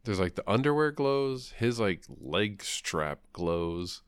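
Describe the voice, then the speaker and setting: A man's voice: lowish voice, very animated, slow pace, smooth, no room sound, clean studio sound. A man talking casually about comics, blunt and rambling, swearing freely. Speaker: comic book podcast co-host. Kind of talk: casual chat.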